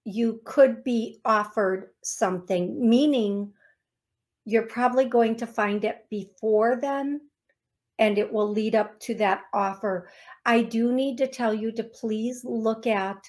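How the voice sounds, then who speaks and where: Slow, soft-spoken woman radio psychic. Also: on the high side. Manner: soft-spoken, affectionate, calls caller love. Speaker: psychic medium host. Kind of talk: call-in reading. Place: radio studio.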